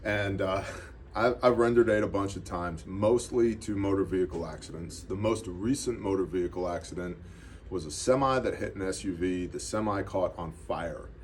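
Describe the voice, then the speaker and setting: A man teaching emergency response through a lively personal story, with emphatic asides. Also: low voice, normal speed, a little hiss or hum. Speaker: emergency medical instructor. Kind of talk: anecdotal teaching talk.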